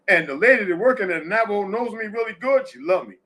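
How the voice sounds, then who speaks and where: A middle-aged man with a high, bright voice hosts a casual live audio discussion. He talks bluntly and curses freely, telling stories in a plain, direct way. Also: animated, quick pace, hardly any pauses. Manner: blunt, profane storytelling. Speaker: host.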